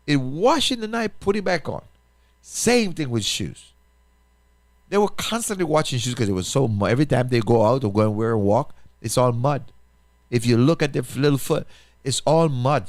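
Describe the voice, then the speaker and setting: A pastor hosting a talk show, speaking, makes an impassioned appeal full of repetition and rhetorical questions. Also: male voice, mid-range voice, expressive, moderate pace, no echo. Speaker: pastor and radio show host.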